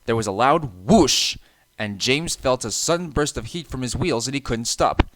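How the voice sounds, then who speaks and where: A young man calmly narrating a storybook, with a soft and even delivery and occasional small restarts. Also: medium pitch, moderate pace, no echo.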